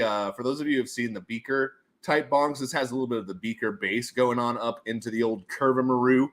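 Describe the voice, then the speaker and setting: A man's voice: mid-range voice, lively intonation, a little fast, hardly any pauses, fairly bright tone. A man hosting a casual livestream, rambling and joking and laughing often between his remarks. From United States. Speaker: livestream host.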